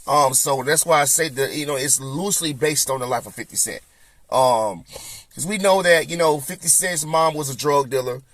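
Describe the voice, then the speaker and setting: A man's voice: fairly high pitch, moderate pace, fairly bright tone, no echo. A man hosting a podcast, chatting loosely and rambling with lots of fillers. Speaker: podcast host. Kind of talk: casual chat.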